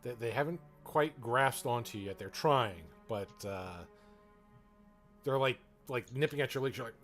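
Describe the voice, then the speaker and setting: A man running a tabletop game as game master, narrating with many pauses and fillers. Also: medium pitch, fairly bright tone, soft background music.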